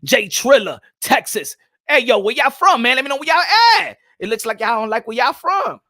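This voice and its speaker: High-pitched hype guy on a boxing stream, super bright voice, yelling shout-outs n cursing. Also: big pitch swings, moderate pace. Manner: loud, hyped, profane, frequent shouting; drops Spanish phrases. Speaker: boxing channel host. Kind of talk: live-stream commentary and viewer shout-outs.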